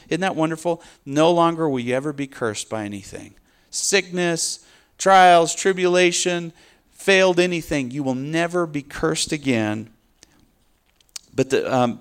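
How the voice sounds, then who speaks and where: A man preaching a sermon, delivering rising, emphatic appeals and closing in prayer. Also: mid-range voice. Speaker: pastor.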